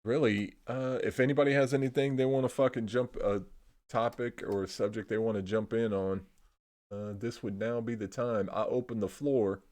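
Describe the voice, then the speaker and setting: A man's voice: medium pitch, fairly even intonation, normal speed, a little mellow. A young man from Indiana streaming casual rambling chat, laid-back, swearing freely and trailing off into "I don't know.". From Indiana, USA.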